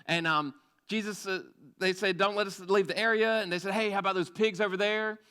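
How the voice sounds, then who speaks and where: High, bright-voiced young preacher. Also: male voice, fairly quick, clear, resonant tone. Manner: energetic, conversational, jokey asides and acted-out quotes. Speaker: youth pastor. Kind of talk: sermon.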